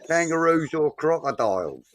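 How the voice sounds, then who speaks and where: A man's voice: fairly high pitch, big pitch swings, moderate pace. A man co-hosting a casual football fan chat, reading viewer comments aloud and bantering with a bit of swearing.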